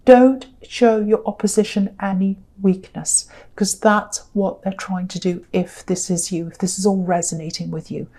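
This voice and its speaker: A woman's voice: medium pitch, steady tone, moderate pace, hardly any pauses, warm tone. A woman giving a tarot reading, earnest and direct, repeating herself for emphasis. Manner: gives direct advice. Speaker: tarot reader.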